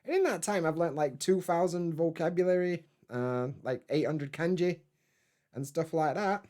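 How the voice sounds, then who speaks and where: A man's voice: fairly high pitch, normal speed, warm tone. A man, hosting a casual live stream from home, rambling in a laid-back way, swearing freely and answering chat.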